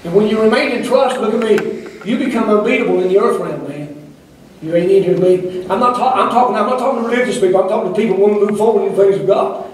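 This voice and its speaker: A man's voice: sits high, fast, slight background noise. Older man preaching a fiery sermon. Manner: fiery, rhythmic preaching with repeated calls. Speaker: pastor. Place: church sanctuary. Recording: echoey distant room recording.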